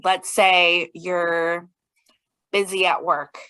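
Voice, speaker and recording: A woman's voice: on the low side, level tone, drawn-out words, bright, forceful tone, clean tone, rough recording. A woman co-hosting a podcast in casual chat, thoughtful, with hesitant starts. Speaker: podcast co-host.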